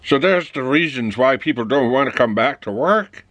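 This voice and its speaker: A man's voice: medium pitch, animated, moderate pace, fairly bright tone, no room sound, muffled recording. A man talking casually in a rambling monologue, acting out both sides of little office dialogues. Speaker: vlogger.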